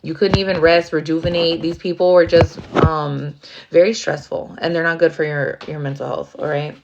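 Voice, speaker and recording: Low-voiced woman rambling through a tarot reading. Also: little pitch movement, moderate pace, lo-fi sound, noisy background. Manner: rambling, heavy on fillers, swears freely. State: near tears at times. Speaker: tarot reader. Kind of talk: casual tarot reading monologue.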